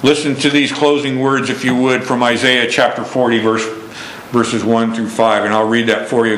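A man's voice: medium pitch, little pitch movement, moderate pace, a bit bright, a little hiss or hum. A man preaching a fervent sermon, often calling out to his listeners as folks and reading scripture. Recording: echoey room.

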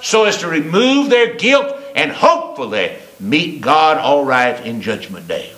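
An older male pastor delivering a sermon in a church sanctuary, his voice pitched a little high and bright with a forceful edge. He swings from loud climbing declarations to low, quiet asides. The room gives his voice a strong echo. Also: very animated, measured pace, few pauses. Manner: preaching with shifting emphasis, rising and falling.

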